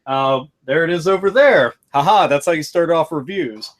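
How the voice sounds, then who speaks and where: A man with a notably high speaking voice, chatting casually on a podcast. He tells his stories with excitable energy and swears constantly. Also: moderate pace. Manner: profane, excitable storytelling with frequent swearing. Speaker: podcast host reviewing a video game.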